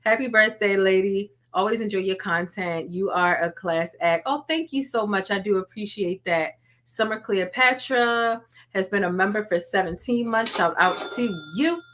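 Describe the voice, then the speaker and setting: Hosting a casual YouTube livestream, a woman with a fairly bright, mid-range voice chats at a moderate pace. She thanks viewers by name and laughs and teases often.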